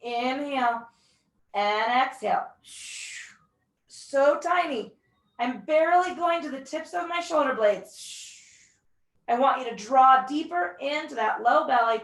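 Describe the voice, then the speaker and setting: This young pilates instructor has a high voice with lively intonation and speaks a little slowly. Guiding a mat class, she calls breath counts, gives encouraging cues and throws in the odd whoop, heard from a distance in an echoey room.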